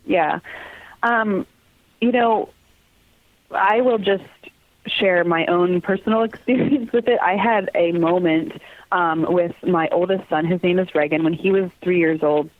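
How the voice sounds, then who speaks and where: A woman's voice: on the low side, unhurried. This is a woman in her thirties being interviewed over the phone. She talks with earnest feeling, laughs often, and slips into the voices of people she quotes. The line sounds thin and tinny, with no room echo. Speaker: guest, theater company communications manager. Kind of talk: casual interview chat.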